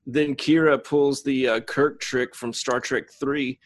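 Man, podcast co-host; casual episode recap, crude humor, quick impressions of characters. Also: mid-range voice, fairly even intonation, no room sound. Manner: crude, jokey, acts out characters in quotes.

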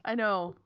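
A woman's voice: mid-range voice, clean tone, no echo. A woman from Minnesota, hosting a podcast in casual banter and laughing often. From Minnesota, USA. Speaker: podcast host. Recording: slightly dull lo-fi audio.

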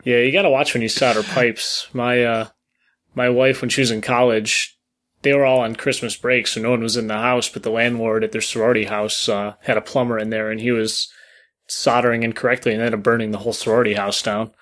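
A man's voice: medium pitch, little pitch movement, fairly quick, a bit bright. A man in casual conversation, chuckling as he tells a home repair mishap. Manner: laughs through his own stories. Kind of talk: casual chat.

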